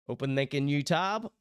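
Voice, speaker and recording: A man's voice: a little high, clean tone, no echo, studio quality. A man hosting a casual live stream, ranting in theatrical mock outrage. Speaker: streaming show host. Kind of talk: casual livestream commentary.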